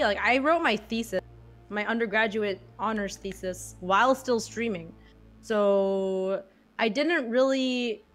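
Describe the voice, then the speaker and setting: A woman's voice: a little high, a bit bright. A young woman in her twenties with a sore throat, talking casually as a stream guest, chatty and giggly, full of fillers. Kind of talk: casual chat.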